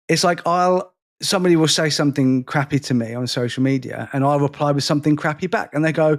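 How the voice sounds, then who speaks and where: A man's voice: on the high side, a little fast. A man co-hosting a podcast, speaking emphatically and venting his frustration at length in casual conversation. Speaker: podcast co-host.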